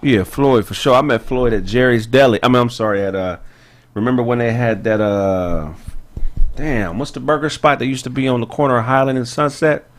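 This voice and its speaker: A male podcast host with an average-pitched voice. He tells anecdotes in a loose, conversational way. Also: fairly quick. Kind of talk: casual podcast chat.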